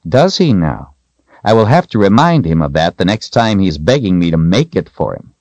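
A man's voice: low voice, sing-song, moderate pace, a little mellow, no room sound, dull audio, pitched above the performer's own voice. A man narrating a story voices an earnest young male woodsman in a slightly raised voice.

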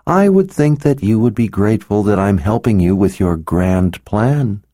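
A man voicing a sly, seductive woman in disguise who teases slowly and knowingly, in an audiobook. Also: fairly low pitch, lively intonation, mellow, no echo, studio quality, voice pushed up, close to an everyday voice. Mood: sly teasing. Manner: teasing, knowing, unhurried.

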